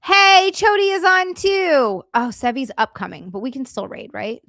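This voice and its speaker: A high, bright-voiced woman chatting away on her livestream, bubbly and giggly as she thanks her viewers over and over. Her voice sits close and dry on a desk mic with no room sound around it. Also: fairly even intonation, moderate pace, dry recording. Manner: bubbly and effusive, giggly, chatty asides while navigating settings. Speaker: livestream host.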